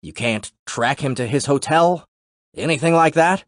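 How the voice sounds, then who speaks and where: A man's voice: fairly high pitch, moderate pace, no room sound, clean studio sound, pitched above the performer's own voice, close to an everyday voice. A man voicing a skeptical journalist. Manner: skeptical, sarcastic. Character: wary, sarcastic male journalist. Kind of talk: audiobook narration.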